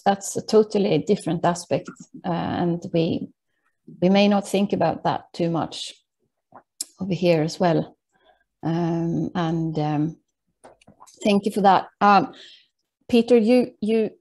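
Female webinar moderator, low mellow voice with fry, hesitant. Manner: hesitant, many fillers. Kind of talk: moderating a panel.

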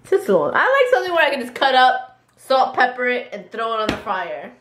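A woman's voice: on the high side, big pitch swings, fairly quick, a bit bright, echoey room, a little hiss or hum. Playful woman vlogging at dinner. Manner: playful and teasing, laughs often. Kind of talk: casual family chat. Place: home kitchen at dinner.

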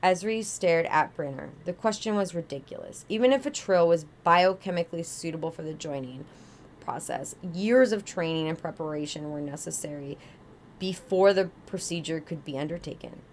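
A woman with a low voice reads a novel aloud for her stream. She often trips over words and goes back to correct herself. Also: normal speed, slight background noise. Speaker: streamer reading a book aloud.

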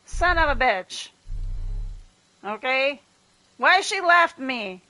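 High, bright, excitable woman streamer. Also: takes it slowly. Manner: excitable, swears and yells at other players; talks to chat between rounds. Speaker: gaming livestreamer. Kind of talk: live gameplay commentary.

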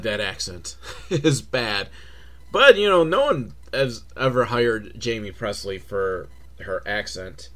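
A man recapping a kids' movie in a sarcastic, rambling way, with loud outbursts and mumbled asides. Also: medium pitch. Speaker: movie reviewer.

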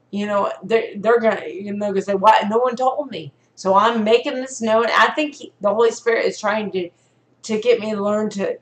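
A woman's voice: medium pitch, reverberant, rough recording. A woman giving a live-streamed prophetic message, earnest and direct, often checking in with "okay?" and "you know".

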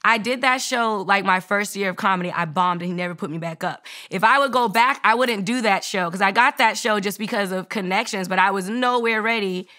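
A woman's voice: mid-range voice, fairly quick, few pauses, bright, forceful tone. A woman co-hosting a podcast, speaking candidly and reflectively in casual conversation. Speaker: podcast co-host.

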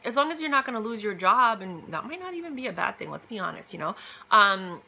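A woman's voice: medium pitch, very animated, fast talker, creaky, pushed and bright, breathy edge. A woman talking casually and emphatically, giving career advice with lots of fillers and quoted asides. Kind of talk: casual motivational monologue.

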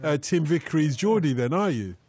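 A man's voice: a little high, lively intonation, brisk, noisy background. A man hosting a radio phone-in, teasing his guests and callers in a playful way. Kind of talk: bantering radio talk.

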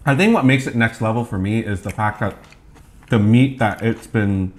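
A man's voice: fairly low pitch, normal speed. A man co-hosting a casual eating video, chatting in an upbeat way and laughing often. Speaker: co-host. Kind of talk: casual mukbang chat while eating.

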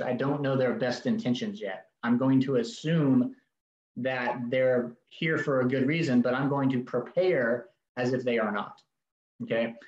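Male safety instructor, direct and emphatic, slightly high voice; roomy, muffled recording. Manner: direct, emphatic, acts out short exchanges. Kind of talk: recorded training seminar.

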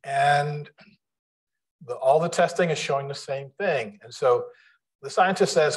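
A man giving a public lecture to a live audience in a room, speaking deliberately with frequent restarts. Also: on the high side, low-quality recording. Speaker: guest lecturer.

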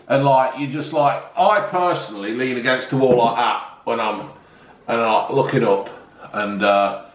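A man's voice: mid-range voice, a bit bright. A middle-aged man casually reviewing a drink, rambling and joking, calling his viewers folks. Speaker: product reviewer. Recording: echoey room.

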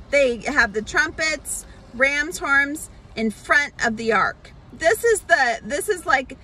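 A woman pastor telling a Bible story in a children's sermon, explaining slowly with many fillers and restarts. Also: high voice, sharp tone, a little hiss or hum, low-quality recording.

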